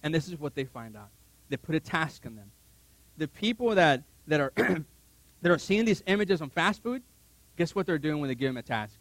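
Animated high-voiced male preacher. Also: fairly quick, dry recording. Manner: animated, laughs often, acts out his own reactions. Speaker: pastor. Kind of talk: sermon storytelling.

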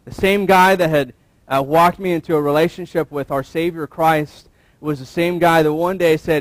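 A man in his thirties preaching in a loose, storytelling way, his voice sitting a little higher than most men's. He stumbles and restarts with easy fillers and throws rhetorical questions at the congregation. The sound is close and dry, with almost no room around it. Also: fairly even intonation, moderate pace, no echo. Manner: self-deprecating, asks listeners rhetorical questions. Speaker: pastor. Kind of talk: conversational sermon with personal story.

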